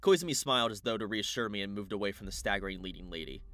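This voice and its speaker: A man's voice: lowish voice, quick pace, hardly any pauses, pushed and bright, faint music behind. A man narrating an audiobook dramatically in the first person, with a wry, exasperated manner.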